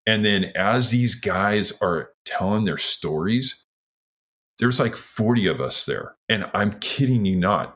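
Low and fairly bright, the voice comes from a Washington State man in his sixties who retired from firefighting. He tells his story earnestly in an interview, dramatizing what others said.

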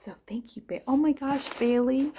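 A woman's voice: high voice, moderate pace, warm tone, slight background noise. A middle-aged woman chatting casually as she unboxes gifts on her crochet vlog, gushing and thinking aloud. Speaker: crochet vlogger.

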